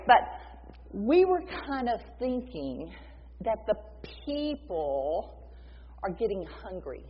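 Woman preacher, casual storytelling sermon, acts out the dialogue; breathy, heard in a muffled, echoing hall. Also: mid-range voice, takes it slowly. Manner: lively, acts out dialogue, conversational. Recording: dull echoey hall sound.

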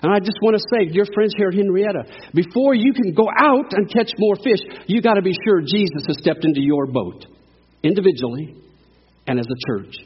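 A man's voice: high-pitched, moderate pace, breathy edge. A man preaching a sermon to a church in a folksy, call-and-response style. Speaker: guest preacher. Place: church sanctuary. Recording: echoey hall, dull lo-fi sound.

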